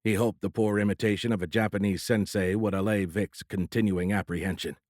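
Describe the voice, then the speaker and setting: In this scripted audiobook thriller, a man tells the story steadily and with measure, his voice pitched fairly low. The sound is studio quality and dry.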